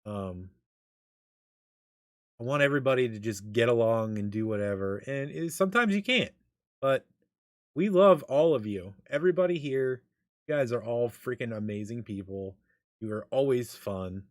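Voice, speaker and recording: A man's voice: medium pitch, normal speed, pauses often, no echo, studio quality. A man co-hosting a casual live chat stream, speaking earnestly and from the heart.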